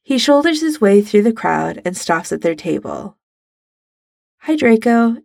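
A woman narrating a fan fiction story aloud in a steady, measured reading. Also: medium pitch, vocal fry, dry recording, studio quality.

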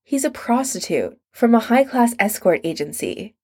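A woman's voice: a little high, very animated, normal speed, warm tone, slightly rough, pitched above the performer's own voice, heavily acted. Woman voicing an anxious apologetic young man. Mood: earnest. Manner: pleading, apologetic.

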